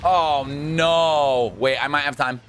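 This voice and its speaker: A young man in casual, jokey gameplay commentary, excitable and quick to shout and laugh. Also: a little high, slight background noise. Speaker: gaming YouTuber.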